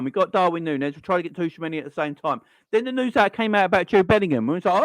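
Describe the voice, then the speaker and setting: A man talking in a casual livestream rant as a football fan, animated and repetitive, speaking to his chat. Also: high-pitched, quick pace, no room sound, poor audio.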